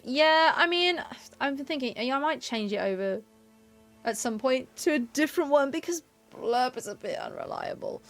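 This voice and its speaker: A woman's voice: fairly high pitch, fairly bright tone, no room sound. A woman chatting through a game on a live stream, self-deprecating and laughing often.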